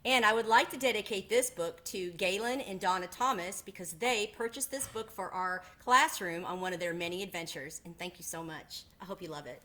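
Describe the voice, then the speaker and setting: Bright-voiced woman teacher reading aloud. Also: lowish voice, fairly quick, few pauses. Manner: upbeat, cheerful greeting to students. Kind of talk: reading a picture book aloud to a class.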